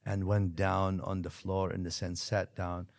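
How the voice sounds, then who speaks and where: A man, a religious scholar, telling a story as a podcast guest, lively one moment and dropping to a hushed near-whisper the next, with Arabic phrases woven in. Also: deep voice, a little slow, gravelly. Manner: mixes Arabic phrases into his talk.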